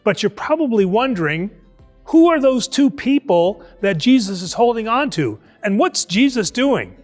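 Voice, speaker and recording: A priest telling a Bible story to children in a lively, conversational way, acting out the voices. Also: male voice, high voice, normal speed, long reverb tail, soft background music. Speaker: priest teaching Sunday school. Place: church.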